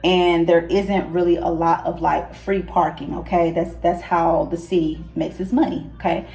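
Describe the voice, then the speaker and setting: A woman's voice: on the low side, level tone, normal speed, a little mellow. A woman podcast host, telling a story in a casual monologue and acting out both sides of the exchange with rhetorical asides.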